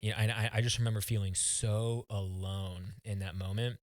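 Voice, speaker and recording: An American man with a fairly low voice shares a personal story as a podcast guest, speaking earnestly but haltingly and frequently restarting his words. His delivery is flat, and the recording is dry and close with no room sound.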